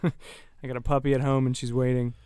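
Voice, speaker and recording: A man's voice: mid-range voice, flat delivery, fairly quick, mellow, slight background noise. A man co-hosting a casual podcast, laughing often and chiming in with jokes and short agreements. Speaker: podcast co-host.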